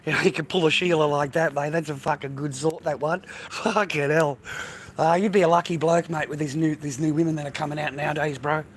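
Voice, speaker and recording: A man's voice: a little high, fairly even intonation, a little fast. An older man with an Australian accent, livestreaming a blunt, profane street rant and calling everyone "mate" and "bro". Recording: noisy outdoor phone stream.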